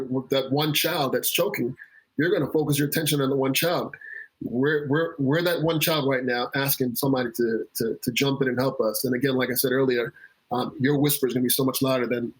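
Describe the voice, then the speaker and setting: A man's voice: mid-range voice, steady tone, breathy edge, low-quality recording. A man, a children's pastor, speaking earnestly in an interview conversation, often repeating words as he gathers his thoughts. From United States. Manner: earnest, halting, repeats words while thinking.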